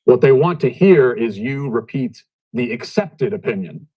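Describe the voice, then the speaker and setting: A husky-voiced man co-hosts a podcast. His pitch swings widely as he lays out a point and introduces a clip. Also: lively intonation, measured pace, highs cut off. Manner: explanatory, sets up clips. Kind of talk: casual discussion.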